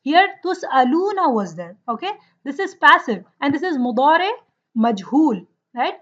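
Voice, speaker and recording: A woman's voice: high voice, sing-song, measured pace, a bit bright, lo-fi sound. A woman teaching Arabic grammar in an online class, explaining patiently and often checking that her students follow.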